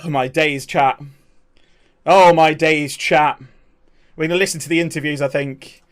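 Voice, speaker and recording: A man hosting a live watch-along stream, chatting excitably to his viewers. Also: a little high, unhurried, smooth. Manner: excitable, talks to chat.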